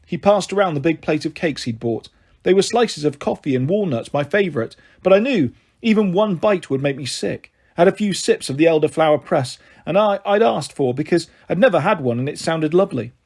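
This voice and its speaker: A man narrating a children's book with a husky, somewhat breathy voice. His pitch sits a little high and moves around a lot. He reads with expression in the first person. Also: animated, a little fast, a little mellow. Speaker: storyteller. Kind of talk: reading a children's novel aloud.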